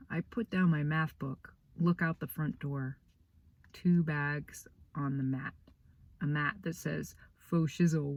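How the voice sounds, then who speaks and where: A woman author reading her own children's novel aloud with an expressive, dramatic storytelling delivery. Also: low voice, no echo.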